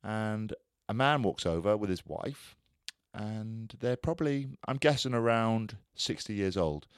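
A man's voice: fairly low pitch, lively intonation, a little slow, smooth, no room sound, clean studio sound. A man in his thirties, a former rugby player co-hosting a casual podcast and telling chatty anecdotes. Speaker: podcast co-host. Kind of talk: casual chat.

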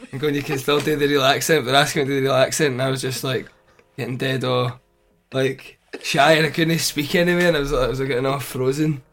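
A man's voice: mid-range voice, steady tone, fast, hardly any pauses, fairly bright tone, soft background music. A man with a Scottish accent in casual chat, rambling through anecdotes, trailing off and chuckling.

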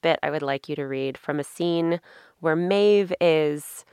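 A woman's voice: low voice, measured pace, a little mellow, clean tone, no room sound, studio quality. A woman interviewing a guest in a casual, chatty way, often filling her sentences with "like.". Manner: casual, chatty, lots of fillers. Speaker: interviewer, host. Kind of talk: interview conversation.

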